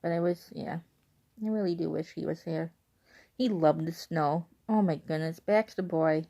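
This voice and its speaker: Here the young vlogger speaks in a low, gravelly, warm voice at a moderate pace. She's at home in her bedroom at night, telling a meandering, chatty story stuffed with "like" and side comments.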